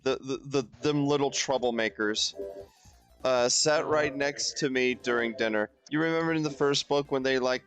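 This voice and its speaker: A man's voice: mid-range voice, normal speed, over music. A man reading a book aloud with friends for comedy, rambling and joking as he goes. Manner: rambling, joking, frequent restarts. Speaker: reader and co-host.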